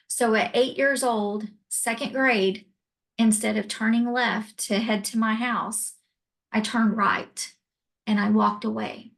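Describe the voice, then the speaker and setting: A woman telling a deeply personal story as an interview guest, earnest and reflective. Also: steady tone, slow pace, gravelly, low-quality recording.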